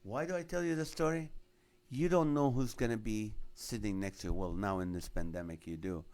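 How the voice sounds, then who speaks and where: A middle-aged man with a lowish voice tells a personal story in a comic but earnest way. He acts out the other people's lines as he goes, like a comedian who also preaches. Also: fairly quick. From Middle Eastern background. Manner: animated storyteller acting out dialogue. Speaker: comedian and show host. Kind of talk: storytelling with a faith message.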